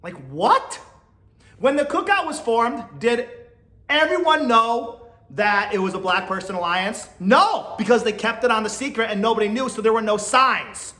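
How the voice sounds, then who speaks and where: A man's voice: extremely high pitch, bright, forceful tone, echoey room. A man hosting a podcast, giving blunt, exasperated commentary and laughing often. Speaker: podcast host. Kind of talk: casual opinion commentary.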